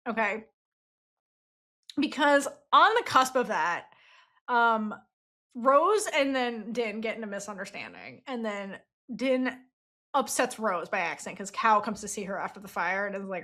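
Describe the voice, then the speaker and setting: A woman's voice: on the high side, lively intonation, normal speed, bright, forceful tone. A woman hosting a book podcast, chatting casually, laughing often and acting out quotes from the story. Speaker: podcast host reviewing a novel. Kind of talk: casual chat.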